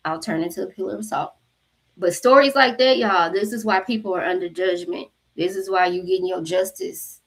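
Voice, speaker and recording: Husky-voiced woman telling a heated story. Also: lowish voice, brisk. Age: adult mother. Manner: animated, profane, acts out quotes. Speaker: spiritual channel host. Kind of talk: casual storytelling to viewers.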